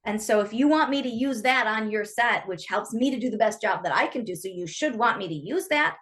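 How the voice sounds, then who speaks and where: Frank, matter-of-fact woman guest, somewhat high voice, long explanations. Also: lively intonation, brisk, fairly bright tone. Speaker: guest, script supervisor. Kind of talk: casual interview chat.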